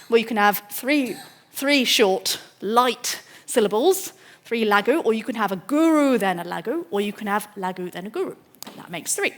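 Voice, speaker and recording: A woman delivers a public mathematics lecture with plain enthusiasm. Her voice sits a little high, and she explains step by step, often restarting her sentences as she thinks aloud.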